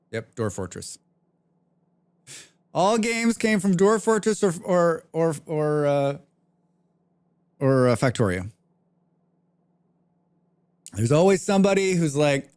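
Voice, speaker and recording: A man livestreaming a game, chatting casually and rambling with plenty of swearing while reacting to chat. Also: a little high. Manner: rambling, profane, reads chat aloud.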